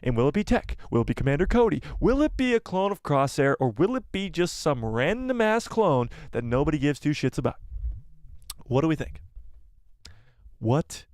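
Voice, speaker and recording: A man hosting a casual live stream, excitably reading viewer comments aloud and swearing casually. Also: fairly high pitch, fairly quick, dry recording, studio quality.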